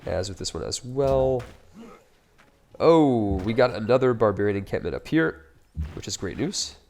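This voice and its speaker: A man's voice: medium pitch, lively intonation, normal speed, darkish tone, a little hiss or hum. Chatty man narrating his strategy game. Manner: upbeat, chatty, wry asides. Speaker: let's play host. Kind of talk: casual game commentary.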